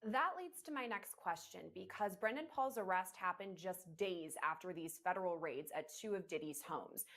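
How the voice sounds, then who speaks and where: A woman asking questions as a news interviewer in a brisk, formal way. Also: lowish voice, a bit bright.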